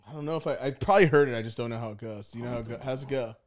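A young man co-hosting a podcast, telling rambling, profane stories in casual chat and acting out loud quotes. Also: medium pitch, very fast. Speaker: podcast co-host.

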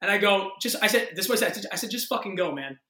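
A man in his thirties, an actor, telling a story in a casual interview with excited energy, acting out quotes and swearing freely. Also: high voice, fast, roomy sound. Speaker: actor guest.

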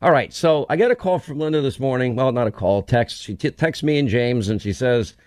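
A man's voice: mid-range voice, brisk, a little mellow, dry recording, studio quality. A man with a New York accent, hosting a radio show in casual, rambling chat with many restarts.

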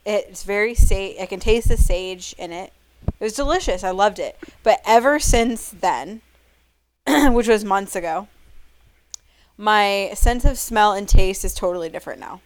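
A woman's voice: medium pitch, expressive, measured pace, clear, resonant tone, no echo. A woman hosting a casual chat, asking rambling questions full of restarts.

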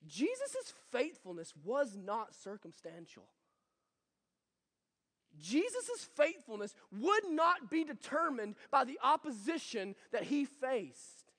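A man preaching a sermon as pastor, animated and conversational with joking asides. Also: very high voice, takes it slowly. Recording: long reverb from a hall.

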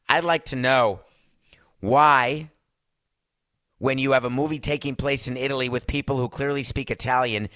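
Man, podcast host, bright tense voice, sarcastic, rambling, casual chat, dry close studio sound. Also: medium pitch, dry recording. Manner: sarcastic, rambling, addresses listeners as folks. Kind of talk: casual chat and movie review.

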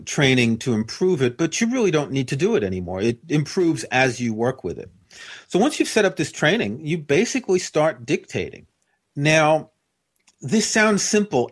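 A man's voice: fairly high pitch, husky. A man with a General American accent, a guest patiently explaining things step by step in an interview. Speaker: guest expert.

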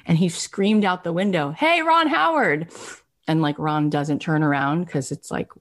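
A chatty woman hosting a podcast tells a story in an animated, casual way. Her voice sits slightly low and she leans on "like" as a filler. She jumps into raised, excited voices whenever she acts out what someone said. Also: normal speed. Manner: lively acted-out quotes in a raised voice. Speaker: podcast host.

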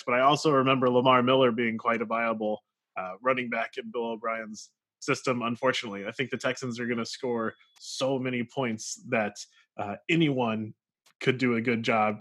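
A man's voice: medium pitch, a bit bright. A man co-hosting a casual fantasy football podcast, emphatic and confident in his takes. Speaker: podcast co-host.

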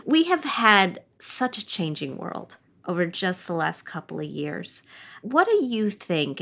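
Low-voiced woman hosting an interview. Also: fairly bright tone. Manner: measured, conversational questioning. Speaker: podcast host. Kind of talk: interview conversation.

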